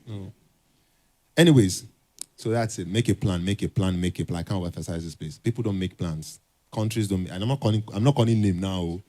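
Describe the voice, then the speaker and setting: A man's voice: deep voice, brisk. A young man speaking at a creative conference, acting out short comic dialogues and urging the audience with rising emphasis. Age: young adult. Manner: animated, acts out dialogues, builds to emphatic urging. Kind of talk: motivational talk with comic skits. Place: conference hall stage.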